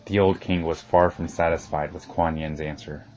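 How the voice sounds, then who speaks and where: A man narrating an old legend in a measured, solemn storybook reading. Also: sits low, fairly even intonation, darkish tone, faint music behind, low-quality recording.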